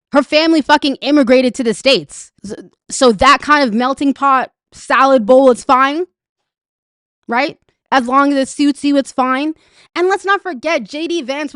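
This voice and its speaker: Canadian woman ranting about politics, swears a lot, sarcastic, higher voice, dry close sound. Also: fairly bright tone, dry recording. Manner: angry, profane, sarcastic. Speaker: political commentator. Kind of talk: ranting reaction commentary.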